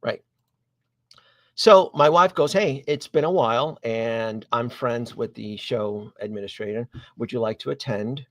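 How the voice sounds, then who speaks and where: Hosting a collectibles live stream, a man rambles casually through a long story at a measured pace, his voice medium in pitch. His telling is animated and digressive, full of restarts and asides to viewers. There is no room sound.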